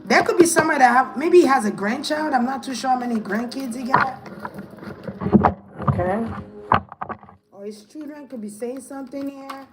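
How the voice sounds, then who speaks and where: A woman's voice: high voice, normal speed, long pauses, very noisy. A woman giving a casual tarot reading, thinking aloud in a hesitant, musing way. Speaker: tarot reader.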